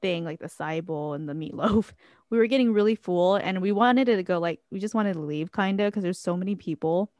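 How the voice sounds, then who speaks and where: A woman's voice: fairly low pitch, brisk, a little mellow, no room sound. A young woman chatting casually and telling a story, laughing often and using plenty of fillers. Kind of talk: casual chat.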